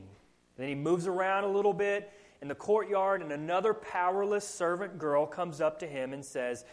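A man's voice: on the high side, normal speed. A man with a Southern US accent preaching a sermon, earnest and full of rhetorical questions. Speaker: pastor.

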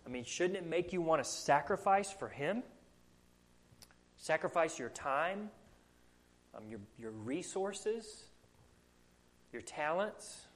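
A man's voice: on the high side, animated, slow, pauses often. A man with a Southern US accent preaching a sermon, earnest and full of rhetorical questions. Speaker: pastor.

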